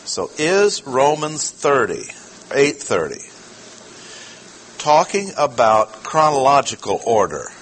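A man's voice: mid-range voice, sing-song, slow pace, a bit bright, a little hiss or hum, rough recording. Emphatic man preaching a teaching sermon. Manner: emphatic teaching with rhetorical questions and repetition.

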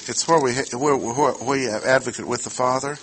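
A man teaching a sermon verse by verse, slow and deliberate, repeating his key words. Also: mid-range voice, fairly bright tone, a little hiss or hum. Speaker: preacher. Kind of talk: expository Bible teaching.

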